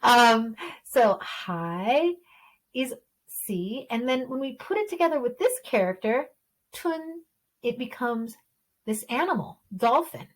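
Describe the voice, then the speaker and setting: A woman's voice: on the high side, lively intonation, moderate pace, low-quality recording. Patient woman teaching Chinese tones. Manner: patient, explanatory, models tones aloud. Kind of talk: online language lesson.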